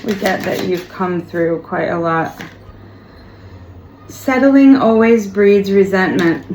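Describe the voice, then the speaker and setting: A woman giving a tarot reading straight to the viewer, talking gently and reassuringly and repeating words for emphasis. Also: medium pitch, slow pace. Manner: speaks of spiritual guidance. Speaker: tarot reader. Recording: roomy echo, faint background noise.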